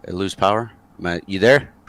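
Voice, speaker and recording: A man's voice: sits low, fairly quick, a bit bright. A man, a former soldier, tells a rambling war story in a casual interview over a voice call, with many fillers and chuckles.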